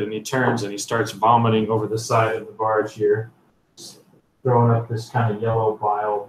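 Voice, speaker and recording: A man's voice: fairly low pitch, monotone, normal speed. A man narrating as game master of a tabletop game, rambling with many fillers. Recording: roomy, distant mic, faint noise.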